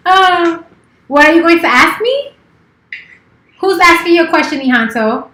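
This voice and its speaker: A woman's voice: very high-pitched, expressive, moderate pace, sharp tone, reverberant. A woman in her thirties chatting casually on a live stream, playful and teasing, swearing freely. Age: 30s. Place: office.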